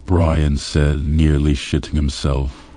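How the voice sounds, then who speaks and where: A man reading a novel aloud in a steady, even storytelling manner. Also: rumbling low, slow pace, dry recording. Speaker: audiobook narrator. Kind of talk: scripted audiobook narration.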